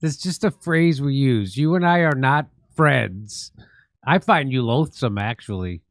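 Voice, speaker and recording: A man's voice: medium pitch, expressive, measured pace, no echo, clean studio sound. A man hosting a comedy talk show, laughing often and stumbling over his words. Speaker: host.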